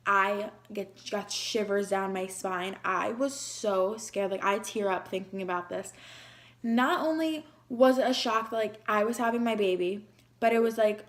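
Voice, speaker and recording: A woman's voice: medium pitch, a little slow. Chatty young woman telling a personal story. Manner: chatty, emotional retelling full of "like". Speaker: beauty vlogger.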